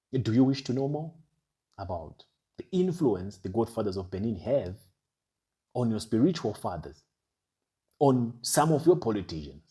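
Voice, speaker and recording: A man's voice: lowish voice, warm tone. A man delivering an ominous, emphatic monologue as an online commentator, building urgency through repeated rhetorical phrases. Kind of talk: dramatic monologue.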